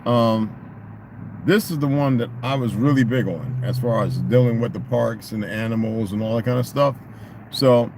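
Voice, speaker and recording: A middle-aged man in a casual, profane rant, swinging into loud, mocking quotes of other people. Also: medium pitch, normal speed, vocal fry, background noise. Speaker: vlogger.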